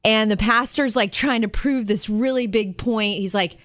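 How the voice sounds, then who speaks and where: A woman's voice: fairly high pitch, moderate pace, dry recording, clean studio sound. Chatty woman radio co-host. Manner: animated storyteller, laughs often. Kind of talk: casual radio chat.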